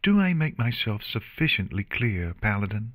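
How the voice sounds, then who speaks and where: A man voicing a cool, haughty pony princess in a storybook reading, speaking in an even, curt tone. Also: on the low side, moderate pace, dry recording, voice pushed up.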